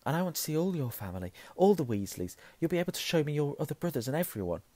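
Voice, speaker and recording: A hoarse man voicing an excited eleven-year-old boy wizard, eager and insistent. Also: medium pitch, fast talker, no echo, pitched above the performer's own voice.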